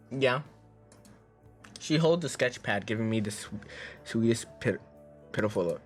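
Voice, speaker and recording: Casual man reading a story game aloud. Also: medium pitch. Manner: casual, stumbles over words and jokes between lines. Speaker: streamer. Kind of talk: reading a visual novel aloud.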